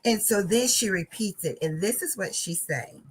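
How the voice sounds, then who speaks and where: A woman's voice: mid-range voice, animated, normal speed, breathy edge, poor audio. A woman hosting a crafting channel, telling a casual story and often laughing while she talks.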